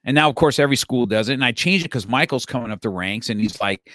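A man's voice: mid-range voice, animated, fast, hardly any pauses, fairly bright tone, dry recording. A middle-aged man and martial arts school owner talking in casual conversation, rambling with frequent restarts and easy laughter, recorded in his office.

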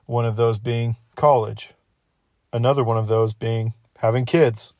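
A man's voice: medium pitch, fairly even intonation, measured pace, darkish tone, no echo, clean studio sound. A young man hosting a casual late-night podcast, rambling and sarcastic, a little sick with an inflamed throat. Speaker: podcast host.

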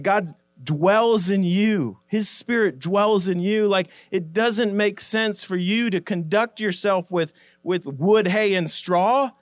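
A man preaching a sermon in a casual, conversational way, often repeating words and slowing down to stress scripture quotes. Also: sits high, dry recording, studio quality. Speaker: pastor.

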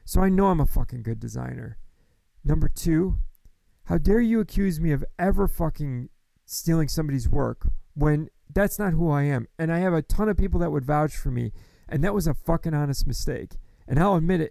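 Blunt, gravelly man venting candidly. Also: on the high side, dark tone, dry recording, rough recording. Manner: blunt, heavy swearing, frank and worked up. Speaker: vlogger. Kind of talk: candid personal monologue.

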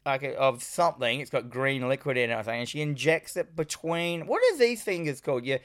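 A man's voice: mid-range voice, brisk, a bit bright. A man, casually recapping a film as a podcast co-host, sweary and rambling. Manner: sweary, rambling, laughs often.

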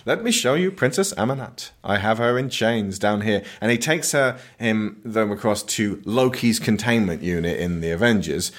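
Man, deep voice, very animated pitch, sarcastic film recap, mocking impressions, casual chat. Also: moderate pace, hardly any pauses. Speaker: film podcast host.

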